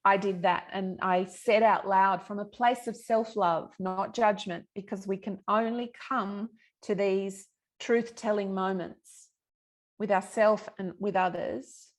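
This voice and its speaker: A woman's voice: medium pitch, steady tone, a little slow. Earnest woman sharing her healing story. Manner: earnest and emphatic, with frank swearing. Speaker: podcast guest, yoga teacher and healer. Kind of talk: candid personal storytelling in conversation.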